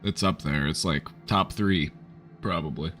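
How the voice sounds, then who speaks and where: Low-voiced chatty man rambling. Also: measured pace, a bit bright, faint music behind. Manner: rambling, chatty, lots of fillers. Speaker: streamer offering support. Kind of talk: casual live-stream chat.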